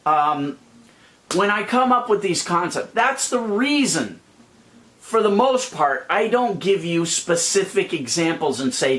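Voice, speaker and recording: A man's voice: high-pitched, sing-song, unhurried, a bit bright. A middle-aged man ranting to his viewers, blunt and profane, calling people idiots and describing himself as a plain speaker. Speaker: YouTube money-making vlogger.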